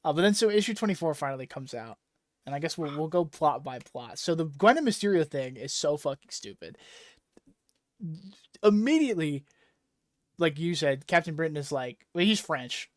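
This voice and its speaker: A man's voice: fairly high pitch, expressive, moderate pace, no room sound, clean studio sound. A rambling, profane male podcaster. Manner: rambling, profane, filler-heavy storytelling. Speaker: podcast co-host. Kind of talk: casual chat recapping a comic. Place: podcast recording setup. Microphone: podcast microphone.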